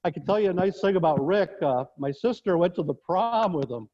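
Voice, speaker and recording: Coach telling rambling stories, dull lo-fi sound. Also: male voice, high-pitched, lively intonation, a little fast. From northern New York. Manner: rambling anecdotes with restarts, chuckling. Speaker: guest, former basketball coach. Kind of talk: casual storytelling on a sports talk show. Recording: dull lo-fi audio in a reverberant space.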